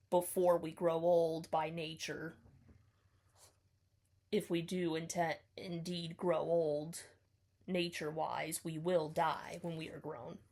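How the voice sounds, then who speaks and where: Slow, gravelly-voiced woman explaining a poem. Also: fairly low pitch, a little mellow. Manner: tentative, many ums, self-correcting. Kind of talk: casual spoken poetry analysis.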